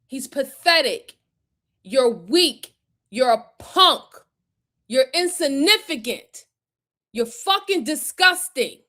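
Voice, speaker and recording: High-voiced woman in heated commentary. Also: lively intonation, takes it slowly, long pauses, pushed and bright. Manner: heated, profane, emphatic. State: furious, near tears. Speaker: video commentator. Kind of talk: reaction commentary on crime footage.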